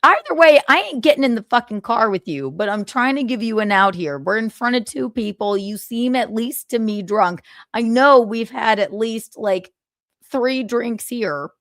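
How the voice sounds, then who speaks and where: Animated, swearing woman telling a story. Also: fairly high pitch, moderate pace, no room sound, clean studio sound. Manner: animated, swears freely, acts out both sides of the exchange. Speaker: podcast host. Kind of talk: casual storytelling monologue.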